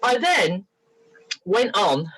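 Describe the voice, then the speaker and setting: A woman's voice: mid-range voice, sing-song, extremely slow, a bit bright, husky, dry recording, rough recording. A middle-aged woman, sharing therapy stories as a guest on a talk show. Her voice swoops up and down with energy as she acts out the people in her stories. The sound is close and dry, with no room around it. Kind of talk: animated storytelling.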